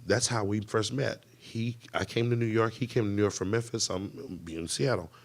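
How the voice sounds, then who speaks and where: A man, a guest musician, chatting casually and telling animated stories. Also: lowish voice, moderate pace, creaky. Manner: animated storyteller, acts out quoted voices. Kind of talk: casual chat.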